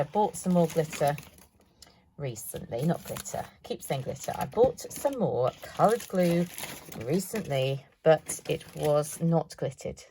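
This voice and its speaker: A woman's voice: deep voice, slight background noise. A woman showing her craft haul in a casual, chatty vlog, thinking aloud with self-mocking asides. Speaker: craft vlogger.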